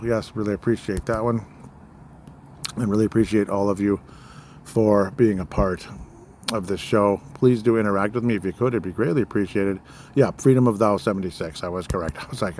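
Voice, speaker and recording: Low-voiced man rambling on his podcast. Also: darkish tone, slight background noise. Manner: rambling, loose, with frequent fillers and apologies. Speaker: podcast host. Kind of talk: casual political podcast monologue.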